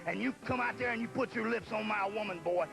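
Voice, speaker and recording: A man's voice: high-pitched, quick pace, vocal fry, music in the background, low-quality recording. A man, a pro wrestler, cutting a taunting promo and calling his rival boy and man. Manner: trash-talking, taunting, calls people boy and man.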